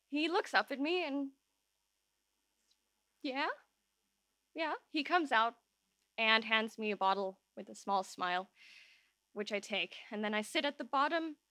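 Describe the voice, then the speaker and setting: A woman telling a true personal story live on an open-air stage, emotional and halting, voice shaking at times. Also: on the high side, sharp tone, dry recording, studio quality.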